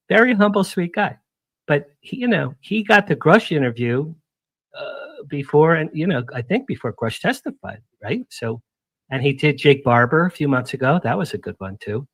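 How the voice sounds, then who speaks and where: A man's voice: medium pitch, sing-song, normal speed, a bit bright, no echo. A man talking as a guest on a radio interview show, rambling and jumping between topics in casual chat. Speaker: guest publicist.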